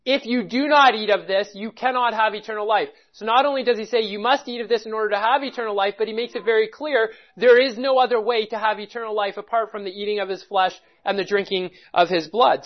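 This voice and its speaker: In a dull, lo-fi recording, a preacher works through the Bible verse by verse, methodical and emphatic, pausing to stress key words. His pitch is medium and his pace fairly quick.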